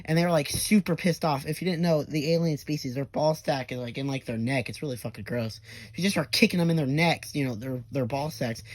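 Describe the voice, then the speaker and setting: A man's voice: fairly high pitch, fairly quick, no room sound. A young man telling an absurd comedic story, rambling, with lots of fillers and swearing. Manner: absurd tall tale told half-seriously.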